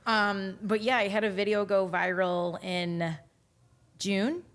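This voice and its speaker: A woman's voice: mid-range voice, level tone, fairly bright tone, slight background noise. A woman guest on a podcast, chatting candidly in a goofy, off-the-cuff way. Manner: goofy, candid, talks in quick bursts. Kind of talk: casual chat.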